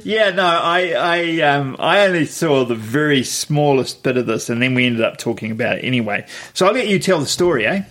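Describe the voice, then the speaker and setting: A man co-hosting a podcast, explaining news with quick jokes and banter. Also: on the high side, expressive, fairly bright tone. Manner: jokey, quick asides and banter. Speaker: podcast co-host. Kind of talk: casual chat.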